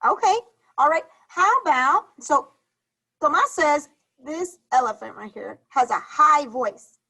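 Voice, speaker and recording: A woman's voice: high-pitched, expressive, measured pace, bright, forceful tone, rough recording. A woman teacher on a video call, leading a reading lesson for young children, encouraging and repeating questions to the class.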